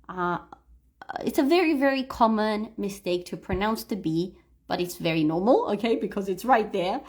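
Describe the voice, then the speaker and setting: Speaking at a normal speed with lively intonation in a mid-range voice, a woman runs an English pronunciation livestream. She patiently explains and says words aloud for learners to repeat after her.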